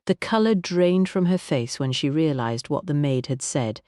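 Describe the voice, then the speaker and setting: An audiobook narrator reading a period mystery novel in an even, measured storytelling manner. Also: medium pitch, no echo, clean studio sound.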